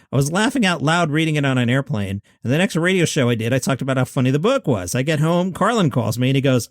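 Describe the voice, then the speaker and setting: A man's voice: on the high side, dry recording, studio quality. A man hosting a podcast, retelling a comedian's stories and acting out the voices in them. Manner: animated storytelling, acting out quoted voices. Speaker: podcast host.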